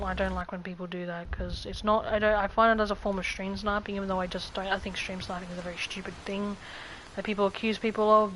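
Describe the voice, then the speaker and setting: Woman streamer, casual live chat to viewers, rambles and restarts, mid pitch, faint noise underneath. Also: fairly bright tone, low-quality recording. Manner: rambling, frequent restarts and stumbles. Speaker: game streamer.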